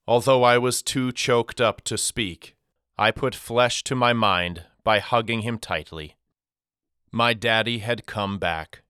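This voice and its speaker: A man narrating a first-person novel for an audiobook in a measured, expressive storytelling manner. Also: on the low side, smooth, no echo, clean studio sound.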